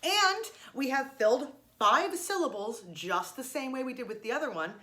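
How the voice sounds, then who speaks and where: Bright and forceful at a medium pitch, a young woman leads children through an online music lesson, walking them through every step with encouragement.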